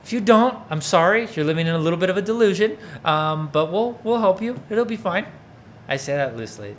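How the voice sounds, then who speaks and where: Casual, slightly high-voiced male preacher. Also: expressive, brisk, slight background noise. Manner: casual, keeps checking in with the listeners. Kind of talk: interactive sermon.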